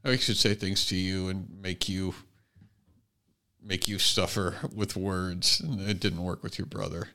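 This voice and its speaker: Older guy with a gravelly voice making dry little jokes on a podcast. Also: low voice, steady tone, unhurried, sharp tone. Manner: dry joking asides. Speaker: podcast co-host and father. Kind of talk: casual chat.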